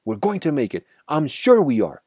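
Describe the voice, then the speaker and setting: Storybook father fox, brave, caring, urgent, raised voice, husky, done by a man. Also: fairly high pitch, huge pitch swings, moderate pace, no room sound, studio quality, pitched above the performer's own voice, full character voice. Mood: hopeful. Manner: urgent, shouting, panting.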